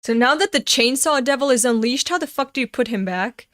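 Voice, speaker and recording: Excitable woman reacting with exclamations. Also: high voice, fairly quick. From Europe. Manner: excitable, swears, gasps and exclaims. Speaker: manga reaction reader. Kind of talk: casual reaction commentary.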